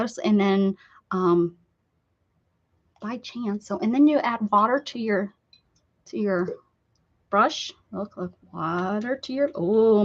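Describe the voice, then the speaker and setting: Chatty, giggly woman who hosts an art stream, bouncy pitch, lo-fi audio. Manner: chatty, giggly, self-teasing. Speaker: art livestream host. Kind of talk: casual livestream chat while crafting. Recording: dull lo-fi sound.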